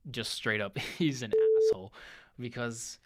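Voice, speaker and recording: A young man talks through a movie he has just seen in a loose, conversational review, at an ordinary middle pitch. He recaps the plot with energy and slips into quick acted quotes of the characters. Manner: animated retelling with brief acted quotes of characters. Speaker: podcast host reviewing movies. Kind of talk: casual film review monologue.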